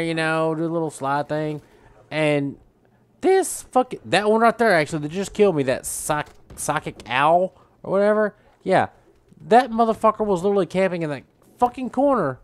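A man's voice: on the high side, no room sound. A male gaming channel host giving a profane, ranting, exasperated gameplay commentary.

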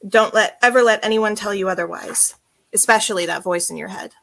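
A woman voicing a seductive, tender and teasing adult man, speaking in a soft, husky murmur as she reads her book aloud. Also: medium pitch, fairly quick. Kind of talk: audiobook-style reading.

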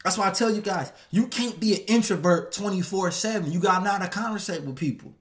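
A man's voice: sits high, fast. A man hosting a live stream, talking casually in African American Vernacular English, slangy and repetitive. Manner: slangy, animated, repeats himself. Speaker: host.

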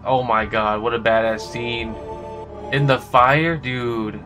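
A young man reacting to a game on stream in a bright, forceful voice at a middling pitch, full of slangy exclamations. Game music plays softly under his desk mic. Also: fairly even intonation, takes it slowly. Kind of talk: let's play reactions.

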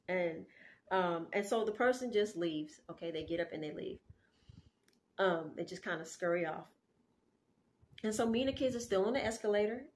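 A woman casually telling a dream story in an animated, chatty way, full of asides. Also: medium pitch, normal speed, long pauses, a little hiss or hum. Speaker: faith vlogger sharing a dream.

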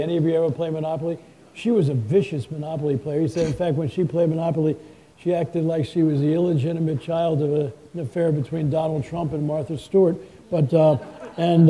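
A man speaking as a guest author in a live stage conversation, telling folksy anecdotes with lively quoted dialogue. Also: on the high side, poor audio.

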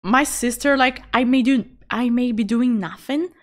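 Woman art streamer, high voice, relaxed chatter, frequent laughs, repeats words for emphasis. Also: normal speed. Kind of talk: casual chat while drawing.

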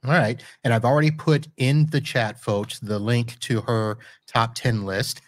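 A man's voice: medium pitch, fairly even intonation, a little slow, dry recording. A man hosting a live podcast, chatting casually with a guest and joking as he corrects himself. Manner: chatty, jokey, self-correcting. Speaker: podcast host. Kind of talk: casual interview chat. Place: Florida home studio.

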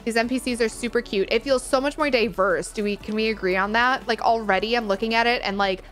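A woman giving live reaction commentary as a gaming streamer, excitable and gushing, full of exclamations. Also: fairly high pitch, quick pace, soft background music.

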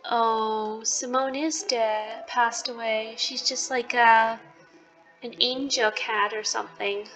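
A woman hosting her gaming channel, talking emotionally and softly as she plays through a story game. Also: a little high, steady tone, slow, faint music behind, rough recording. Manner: emotional, gushing and soft-spoken. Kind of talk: let's-play commentary.

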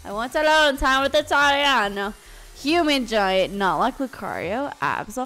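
A woman's voice: high voice, very animated, a little slow, loud music behind the voice. A woman live streaming a game, chatting casually with her viewers, giggly and swearing freely. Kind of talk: casual live-stream chat while gaming.

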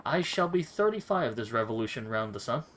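A snooty self-declared nobleman in his thirties, as a man reads him out, heaping grand, flowery scorn on everyone. The pitch swoops widely as he preens. Each word is delivered with lofty contempt. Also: sing-song, fairly quick, fairly bright tone, a little hiss or hum, poor audio. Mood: haughty. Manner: haughty, florid insults. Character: pompous self-styled male nobleman, thirties.

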